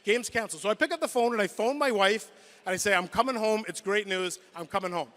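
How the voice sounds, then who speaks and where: A man with a high, bright voice tells a personal story in an acceptance speech. He builds the drama, restarts quickly and repeats words. His voice rings out through the long reverb of a big indoor hall, picked up by a podium mic. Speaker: sports broadcaster giving a hall of fame acceptance speech. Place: large indoor event hall.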